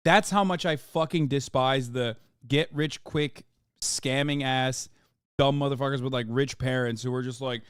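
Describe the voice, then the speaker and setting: A man's voice: mid-range voice, steady tone, normal speed, clean tone, dry recording, studio quality. A man in his thirties streaming, giving blunt, profane, mocking commentary on videos he reacts to. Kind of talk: casual livestream commentary.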